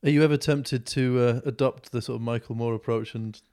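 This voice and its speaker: A man's voice: mid-range voice, steady tone, a little fast, warm tone. A man interviewing a filmmaker, asking probing questions with hesitant phrasing.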